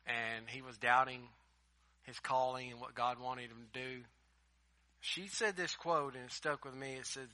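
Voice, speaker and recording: A man preaching a sermon as a pastor, emphatic, swinging between loud declarations and hushed asides. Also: medium pitch, moderate pace, dry recording.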